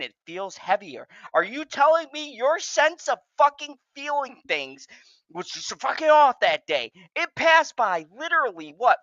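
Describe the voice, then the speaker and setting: A man rants with furious, swearing heat, his pitch swinging widely as he stammers when worked up. The sound is dry, with no room around it, and slightly dull and lo-fi. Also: bright, forceful tone, no room sound. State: agitated, racing heart. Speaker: show host. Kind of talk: angry ranting commentary.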